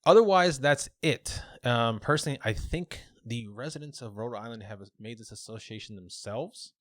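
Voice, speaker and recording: A man co-hosting a podcast, casually telling a local legend with relaxed fillers and restarts. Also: medium pitch, moderate pace, no echo, clean studio sound. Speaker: podcast co-host.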